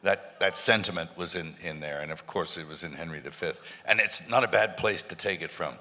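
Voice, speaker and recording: Low, bright-voiced man telling stories on stage. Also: a little fast. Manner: rambling storytelling with restarts and laughter. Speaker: interview guest. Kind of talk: live on-stage anecdotes. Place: large hall with a live audience. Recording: stage hall with reverb, faint noise.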